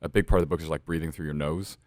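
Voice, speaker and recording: A talkative male interviewer with a very low, deep voice who speaks fast and eagerly. He sits close to the mic in a dry, dead room. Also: fairly even intonation, a little mellow, no room sound. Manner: chatty, enthusiastic, talks at length. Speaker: podcast host. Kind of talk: casual interview chat.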